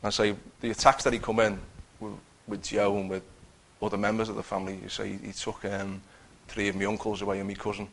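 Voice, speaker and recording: Low, gravelly man testifying. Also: level tone, brisk, hardly any pauses, a bit bright. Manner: earnest storytelling with many restarts. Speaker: testifying believer. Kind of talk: personal testimony.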